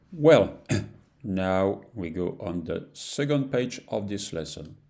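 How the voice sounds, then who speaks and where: A man's voice: lowish voice, gravelly, mellow. A man with a French accent teaching a beginner language lesson in patient, slightly broken English, repeating each phrase.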